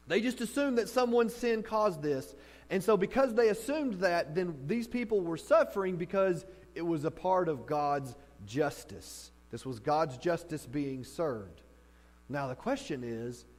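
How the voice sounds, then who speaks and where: A man preaching a sermon as pastor, animated and storytelling, acting out reactions as he speaks. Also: high-pitched. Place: church hall. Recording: hall reverb with mains hum.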